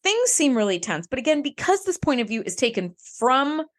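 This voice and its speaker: A woman with a fairly high voice co-hosting a podcast, her pitch swinging widely as she talks. She recaps a TV episode casually, dropping wry asides and jokes along the way. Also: big pitch swings, fairly quick. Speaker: podcast co-host.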